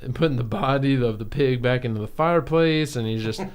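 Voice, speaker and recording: A man, a comedian guest on a podcast, slowly improvising a comic story and searching for the next bit. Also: mid-range voice, clean tone.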